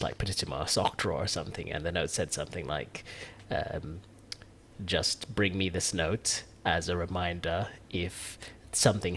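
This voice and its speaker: Deep-voiced man, gentle and reflective. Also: slight background noise. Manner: gentle, reflective, affirming listener. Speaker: host. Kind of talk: candid conversation.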